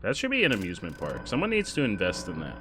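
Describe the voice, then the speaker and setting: A man streaming a game, chatting casually and loudly thanking donors with sudden excited outbursts. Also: fast, over music. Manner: excitable, shouts out thanks to donors with big jumps in pitch. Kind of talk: casual live-stream chat while gaming.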